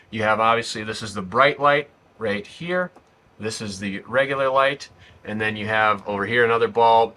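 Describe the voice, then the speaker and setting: Outdoors by a parked car, a man who hosts a how-to channel walks through a car repair in plain, casual steps. His voice is lowish, bright and forceful, with slight background noise.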